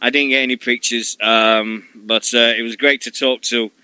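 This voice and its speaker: Sweary, excitable Sheffield man. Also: medium pitch, moderate pace, smooth, no echo, low-quality recording. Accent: Sheffield English. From Sheffield, England. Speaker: radio show co-host. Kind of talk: casual chat.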